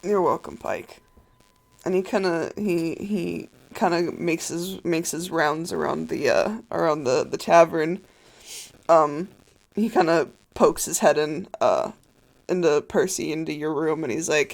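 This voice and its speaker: A game master narrating a tabletop game on a live stream in a loose, halting way with many fillers. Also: medium pitch, gravelly.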